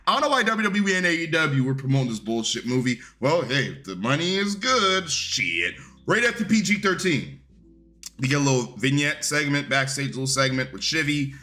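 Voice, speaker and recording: Brash, bright-voiced male wrestling reviewer. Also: fairly high pitch, very animated, moderate pace, soft background music. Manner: blunt, profane, dismissive. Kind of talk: casual recap rant.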